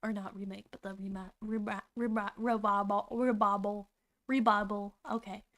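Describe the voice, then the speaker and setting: A young woman streaming casually, chatty and excitable, swearing freely, suffering from hiccups. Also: mid-range voice, moderate pace. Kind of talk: casual livestream reaction.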